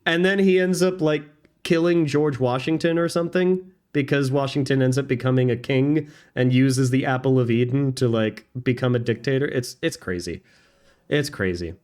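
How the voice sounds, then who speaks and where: A man's voice: medium pitch, normal speed, a little mellow. A man streaming a video game, chatting casually and enthusiastically, with lots of fillers and restarts. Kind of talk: casual chat while gaming.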